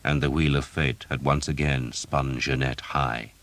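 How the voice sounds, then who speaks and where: A deep-voiced man narrates an audiobook from a script, telling the story in a measured, steady way.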